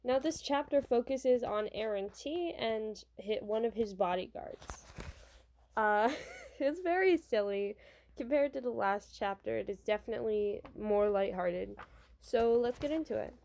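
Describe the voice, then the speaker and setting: A woman's voice: fairly high pitch, measured pace, darkish tone. A young woman casually reviewing a manga from her college dorm room, chatty and rambling. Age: young adult. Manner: chatty and rambling, with restarts and fillers.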